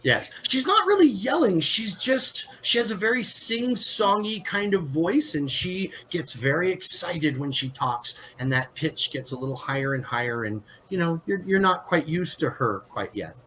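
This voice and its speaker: Halting man narrating as game master. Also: high-pitched, animated, bright, forceful tone, low-quality recording. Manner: halting, many fillers and restarts.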